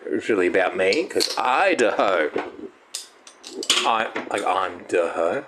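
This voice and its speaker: A young man with a low voice that swings widely in pitch while he tells a story on a casual podcast. He restarts his sentences often and swears freely. A steady background noise sits under the recording. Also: a little slow. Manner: animated anecdote-telling with restarts and swearing. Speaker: podcast co-host.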